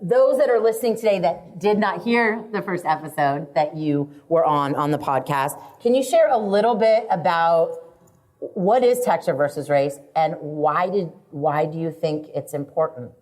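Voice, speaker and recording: A woman's voice: lowish voice, normal speed, darkish tone. A woman hosting a podcast interview, gushing and emotional, asking long, rambling questions. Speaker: podcast host.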